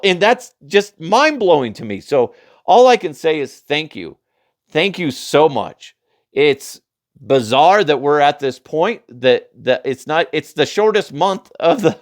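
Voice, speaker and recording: Man, podcast host, casual comedic rant, lively swooping pitch, profane, rambling. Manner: rambling, profane, laughs at own jokes, does mocking voices.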